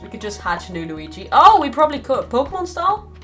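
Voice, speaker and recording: Giggly young woman chatting to her stream, pitch jumping all over, easily excited. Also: quick pace. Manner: giggly, bursts into laughter often; excitable, frequent exclamations. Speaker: live streamer. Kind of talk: casual live-stream chat. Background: faint background music.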